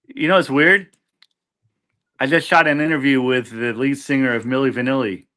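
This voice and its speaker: A laid-back man co-hosting a podcast, hesitant and easily distracted. His voice is bright and forward, sitting at a middle pitch. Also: steady tone, normal speed. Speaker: podcast co-host. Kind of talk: casual podcast chat.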